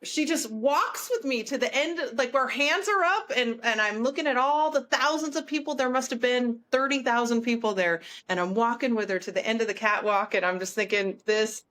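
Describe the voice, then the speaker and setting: A woman singer, a guest on a podcast, excitedly retelling a story with lots of restarts. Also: on the high side, normal speed, hardly any pauses. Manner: animated, breathless retelling with frequent "like" and restarts. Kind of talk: excited storytelling in casual chat.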